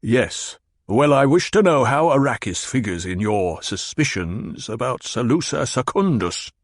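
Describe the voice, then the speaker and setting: A man's voice: mid-range voice, very animated, measured pace, no room sound, studio quality. A man voicing a fat, pompous and petulant old baron who blusters and demands answers. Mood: demanding.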